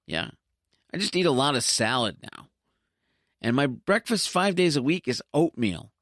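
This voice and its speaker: A man's voice: medium pitch, very animated, moderate pace, a bit bright, dry recording, studio quality. A man hosting his own podcast, talking casually in a chatty, self-deprecating way with joking asides. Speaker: podcast host. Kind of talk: casual solo podcast monologue.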